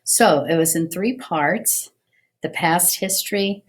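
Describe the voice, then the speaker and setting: A woman's voice: lowish voice, slow pace. A middle-aged woman giving a casual video history lesson, chatty, with many ums and restarts. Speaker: teacher.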